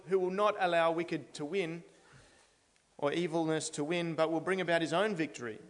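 A man with a slightly raised voice preaches an earnest sermon in a church. He builds steadily toward emphatic declarations. His words ring out with the long reverb of a large hall. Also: on the high side. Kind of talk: expository sermon.

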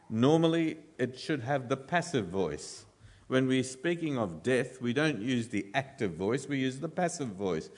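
A man preaching an expository sermon, moving between louder emphatic lines and quiet, dropped lines. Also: medium pitch. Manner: expository, shifts loud and soft for emphasis.

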